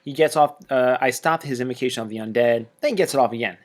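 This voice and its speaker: A man narrating a tabletop wargame battle report in a casual, chatty way, with excitable jokey asides. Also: mid-range voice, a little fast, few pauses.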